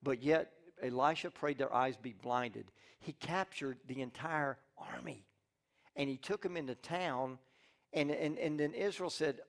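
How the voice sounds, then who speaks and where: A male pastor preaching a sermon, telling a Bible story with lively acted-out character lines and frequent restarts. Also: medium pitch, a little slow, creaky. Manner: restarts and repeats words often.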